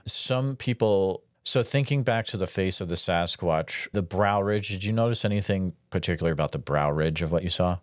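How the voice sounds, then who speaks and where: A man hosting a podcast, asking methodical, detailed questions and giving soft acknowledgements between them. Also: low-pitched, moderate pace, few pauses, no room sound, studio quality. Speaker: podcast host, interviewer. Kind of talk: calm interview questioning.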